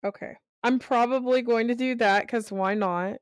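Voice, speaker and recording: A tired woman playing in a tabletop game, adding up her dice rolls out loud. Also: fairly high pitch, fairly even intonation, clear, resonant tone, dry recording. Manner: unhurried, tallies dice out loud. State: tired, yawning. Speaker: player. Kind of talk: tabletop game play, casual chat.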